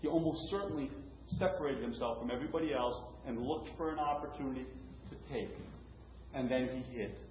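A man's voice: medium pitch, a little fast. A man preaching a sermon in a conversational way, asking rhetorical questions and restarting phrases. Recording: roomy, dull, lo-fi with faint hum.

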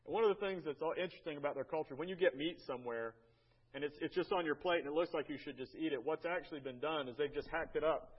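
An American man giving a church slideshow talk about a mission trip, folksy and halting, often repeating his words. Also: a little high, breathy edge, muffled recording. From United States.

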